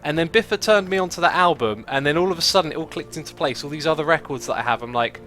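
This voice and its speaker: A man's voice: fairly high pitch, lively intonation, quick pace, sharp tone, soft background music. A man hosting a gaming livestream, chatting casually, laughing often and reading out donations and chat messages. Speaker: streamer host.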